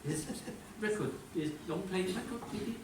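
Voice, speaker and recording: A man's voice: high voice, moderate pace, slight background noise. A man with a Scottish accent at a folk club, rambling through a jokey introduction that repeats itself. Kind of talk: comic storytelling before a song. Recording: roomy, distant mic, music in background.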